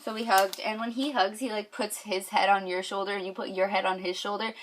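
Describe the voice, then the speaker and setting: A woman's voice: medium pitch, level tone, fairly quick, background noise. A young woman from New York telling a story to camera with lots of fillers, gushing and squealing when she quotes people. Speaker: vlogger.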